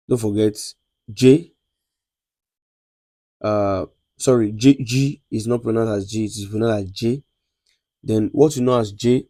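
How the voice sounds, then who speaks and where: A man with a Nigerian accent teaching a beginners' lesson, repeating sounds slowly and checking that students follow. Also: lowish voice, dark tone, dry recording. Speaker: lecturer. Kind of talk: classroom lesson on French letters.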